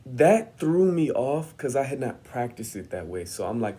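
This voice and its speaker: A man's voice: mid-range voice, lively intonation, moderate pace, hardly any pauses, warm tone. A young man telling a personal story in a vlog, acting out the voices of the people he quotes with lots of energy. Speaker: vlogger.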